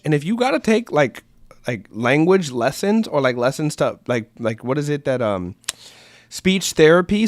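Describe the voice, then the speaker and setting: A man's voice: on the high side, no room sound, studio quality. A man co-hosting a music review livestream, talking bluntly and laughing often. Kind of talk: casual livestream chat.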